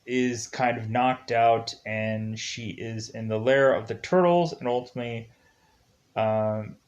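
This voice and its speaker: A man's voice: medium pitch, steady tone, measured pace, darkish tone, lo-fi sound. A man giving a casual spoken movie review, retelling the plot in a rambling way with many fillers and restarts. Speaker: film reviewer.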